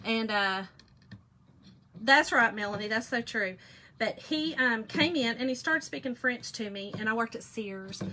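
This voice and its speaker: Southern lady crafting on a livestream, gabbing to chat, laughs a lot, clear and bright. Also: fairly high pitch, expressive, measured pace, slight background noise. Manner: talkative, laughs often, speaks to chat as "y'all". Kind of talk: chatty livestream storytelling while crafting.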